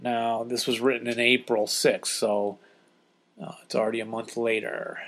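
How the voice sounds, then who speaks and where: A man hosts a casual podcast from his family home. He reads listener letters aloud, chuckling and joking with his family between lines. His pitch sits at an ordinary middle level. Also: flat delivery, normal speed, a bit bright. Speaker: podcast host.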